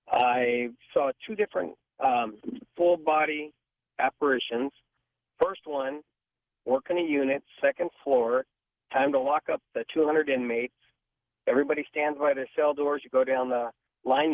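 Male caller on a tinny phone line, fairly high voice, animated storyteller. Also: no echo. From California. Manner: animated, acts out quoted voices. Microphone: telephone.

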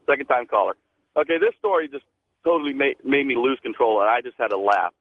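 Animated male caller on a phone line. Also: medium pitch, fast talker, dry recording. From Texas. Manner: animated, earnest storyteller. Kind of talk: call-in storytelling.

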